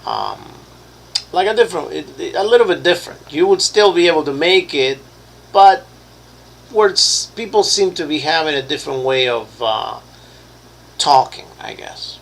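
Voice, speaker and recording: Gravelly guy running a tabletop game, slow, lots of ums, faint hiss. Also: on the high side, huge pitch swings, poor audio. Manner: halting, searching for words with many fillers. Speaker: game master.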